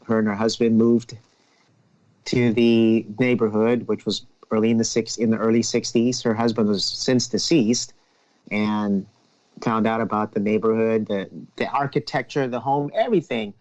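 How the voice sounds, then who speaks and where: A police officer man with a low voice, telling a story in a steady, unhurried podcast chat. His audio comes through dull and lo-fi, lacking clarity at the top end.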